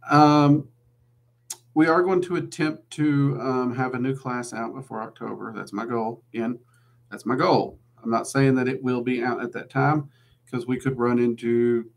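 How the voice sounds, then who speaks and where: Casual Southern-accented male host, rambling Q&A on a home stream, gravelly edge. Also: mid-range voice, steady tone, normal speed. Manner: chatty and rambling, with many "um"s. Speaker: livestream host answering viewer questions. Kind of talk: casual livestream Q&A.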